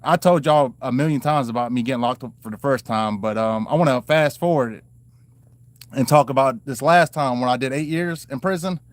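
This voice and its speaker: A man's voice: medium pitch, brisk, no room sound. A man telling his own life story to the camera in a loose, rambling way, full of "you know" fillers and restarts. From Maryland and North Carolina, US.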